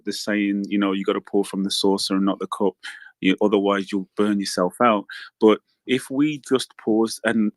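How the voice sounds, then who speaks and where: A man's voice: lowish voice, no room sound. A man with an English accent joining a live show as a guest caller, speaking earnestly and thoughtfully with frequent restarts. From England. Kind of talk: casual chat.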